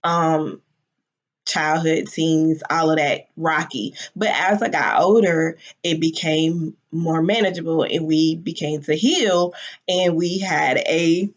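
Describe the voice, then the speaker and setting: A woman's voice: sits low, fairly even intonation, slow pace. A woman in her forties telling a personal story candidly and emotionally, with casual swearing. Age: 40s. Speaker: business founder. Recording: dull lo-fi audio.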